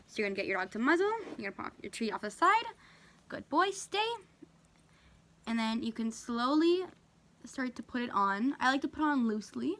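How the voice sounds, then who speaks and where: Woman with a bright, slightly high voice, chatty, walks through training her dog at home. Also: very animated, quick pace. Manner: chatty, talks to her dog between explanations. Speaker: dog owner demonstrating training. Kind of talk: casual how-to demonstration. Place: indoors at home.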